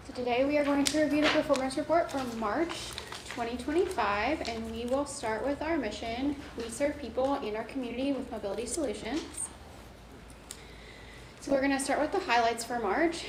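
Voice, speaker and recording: A woman presenting a transit performance report at a board meeting, walking through slides. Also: a little high. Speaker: transit agency staff presenter. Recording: echoey room with background noise.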